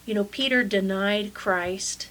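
A woman pastor talking through a scripture story in a relaxed discussion, thoughtful and unhurried, with frequent fillers. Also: mid-range voice, poor audio. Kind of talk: casual faith discussion.

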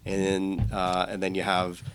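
A priest in a relaxed conversation, retelling gospel stories step by step. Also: male voice, sits low, normal speed, a little hiss or hum. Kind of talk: casual theological conversation.

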